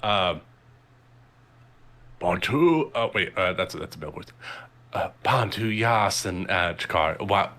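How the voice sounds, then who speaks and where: Bright-voiced man playing a tabletop game. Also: sits low, takes it slowly, pauses often. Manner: laughs often, excitable about dice rolls. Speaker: player.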